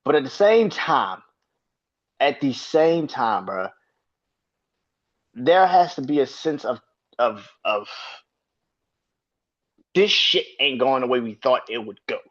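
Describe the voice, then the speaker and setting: A man's voice: medium pitch, expressive, slow pace, long pauses, lo-fi sound. A man hosting a casual sports podcast, ranting in an exasperated, profane and repetitive way. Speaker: podcast host.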